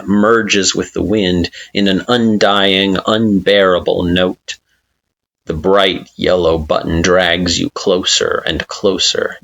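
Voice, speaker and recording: A man reading a fan-fiction story aloud with slow, expressive narration. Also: deep voice, creaky. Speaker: story reader.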